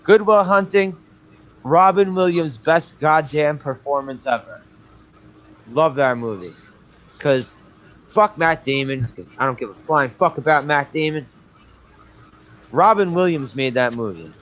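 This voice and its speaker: A man's voice: on the high side, measured pace, pauses often, a bit bright, poor audio. A man co-hosting a casual movie review chat, blunt and opinionated with heavy swearing. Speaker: podcast co-host.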